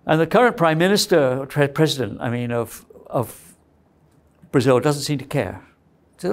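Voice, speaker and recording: A man's voice: mid-range voice, sing-song, unhurried, creaky. A middle-aged man giving a university lecture in a conversational way, often checking in with his listeners by asking "right?" and "okay?".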